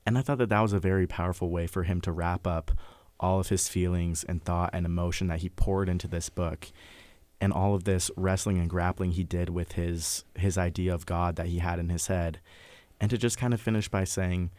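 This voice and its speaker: A man's voice: low-pitched, steady tone, moderate pace, a little mellow, no echo. A man, a book club guest, giving earnest reflections in long flowing sentences. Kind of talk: reflective discussion.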